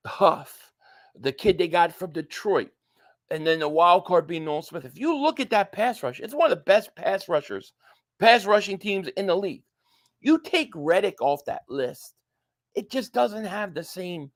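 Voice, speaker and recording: High-voiced man hosting a live stream. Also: a bit bright, no echo, studio quality. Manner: chatty, reads out viewer comments. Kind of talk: casual live stream chat.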